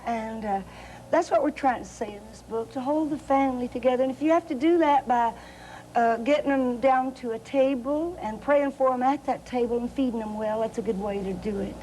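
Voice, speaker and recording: A middle-aged woman with a Southern Appalachian accent, telling a family anecdote in an interview. Her voice sits a little high and she laughs through the tale. A faint hum runs underneath. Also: a little fast, mellow, low-quality recording. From southwestern Virginia. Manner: chatty, laughing storyteller, many fillers. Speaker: interview guest, cookbook author.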